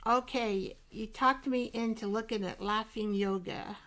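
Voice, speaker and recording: A woman's voice: fairly high pitch, steady tone, measured pace, fairly bright tone. A woman hosting a live art show, chatting casually and rambling with viewers while she paints, often breaking into laughter. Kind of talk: casual live craft demo chat.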